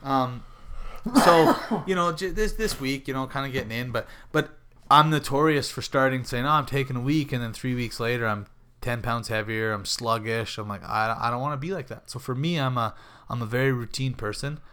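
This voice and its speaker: A man's voice: mid-range voice, a little fast, bright, forceful tone, clean tone. A man in his thirties, a fighter, chatting casually on a podcast and rambling through a story while acting out the people he quotes. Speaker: MMA fighter.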